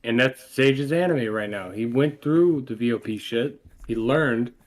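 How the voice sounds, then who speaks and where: A man co-hosting a podcast in casual chat, chiming in with quick, joking remarks. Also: mid-range voice. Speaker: podcast co-host.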